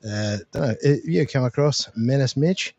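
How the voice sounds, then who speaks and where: A man hosting a casual chat, relaxed and easygoing. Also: medium pitch, moderate pace, slightly rough, no room sound, highs cut off.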